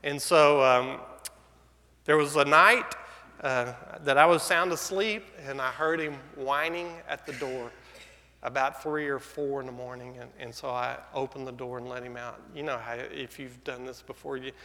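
A man pastor telling a story in a sermon, conversational and halting with fillers and restarts. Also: medium pitch, fairly even intonation, pushed and bright. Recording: echoey hall sound.

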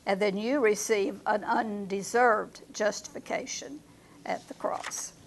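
A woman leading a Bible study class, reading verses slowly and asking her group questions. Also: mid-range voice.

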